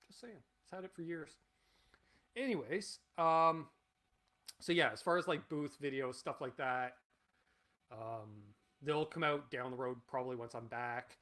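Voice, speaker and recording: A man's voice: mid-range voice, unhurried, sharp tone. A man in his forties hosting a casual livestream Q&A, rambling and blunt and swearing freely. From Canada. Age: 40s. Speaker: channel host.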